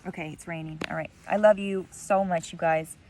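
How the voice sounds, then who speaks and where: A woman's voice: fairly low pitch, fairly even intonation, brisk, a little mellow, a little hiss or hum. A woman giving an intuitive message reading to her viewers, encouraging and heartfelt, often checking in with "okay?" and "you guys". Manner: emotional, heartfelt. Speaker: spiritual reader.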